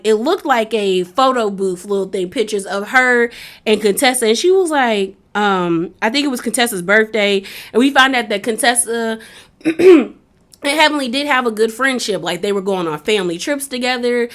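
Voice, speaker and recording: Chatty, opinionated woman with a slightly high voice. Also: fairly bright tone. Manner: chatty and opinionated, heavy use of "like", acts out quotes. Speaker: reality TV recap commentator. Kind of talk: casual recap commentary.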